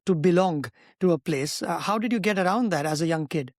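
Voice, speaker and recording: A man's voice: fairly high pitch, a little fast, no echo, studio quality. A man, hosting an interview in a friendly way and repeating words as he frames his questions. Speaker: interviewer, host. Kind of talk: conversational interview.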